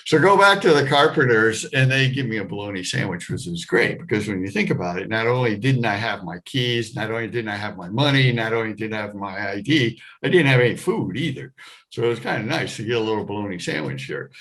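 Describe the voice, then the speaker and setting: A man telling a personal story to an audience, getting animated and rising high with excitement. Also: fairly quick. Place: performing arts center stage.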